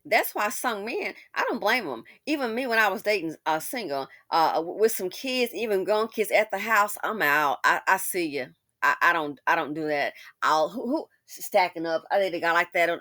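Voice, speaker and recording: Animated sassy woman commentator. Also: lowish voice, moderate pace, few pauses, no room sound, clean studio sound. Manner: animated, sassy, talks straight to the listener. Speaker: commentary channel host. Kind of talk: casual commentary.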